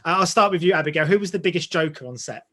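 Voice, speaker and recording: A man interviewing two actors, asking questions quickly and enthusiastically. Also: on the high side, lively intonation, pushed and bright. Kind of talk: entertainment interview.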